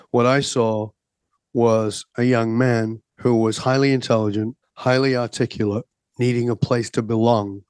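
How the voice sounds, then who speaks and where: Animated storytelling man, dry close sound. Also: medium pitch, no room sound. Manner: acts out dialogue in quick back-and-forth, emphatic. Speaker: transformation coach, guest.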